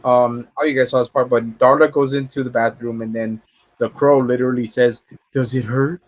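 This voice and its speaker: A man's voice: little pitch movement, fairly quick. Man, podcast co-host, casual film review, rambling, profane, repeats words, dull lo-fi audio. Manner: rambling, profane, acts out scenes in high voices.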